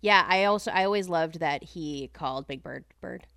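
A woman in her thirties co-hosting a podcast, chatting casually and getting emotional with quick asides. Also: low voice, a bit bright, no room sound, clean studio sound. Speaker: podcast co-host. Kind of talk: casual chat.

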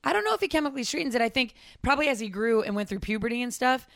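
A woman's voice: a little high, animated, racing, creaky, no room sound, studio quality. A woman in her thirties from Massachusetts, co-hosting a casual podcast chat and joking around on the fly. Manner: giggly, jokey, riffs on the fly. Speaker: podcast co-host.

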